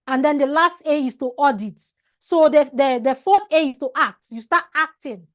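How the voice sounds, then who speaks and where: A woman with a high voice teaching a customer service class over a video call. She talks emphatically, repeats and restarts her phrases, and often stops to ask "All right?". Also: expressive, moderate pace. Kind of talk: online training lecture.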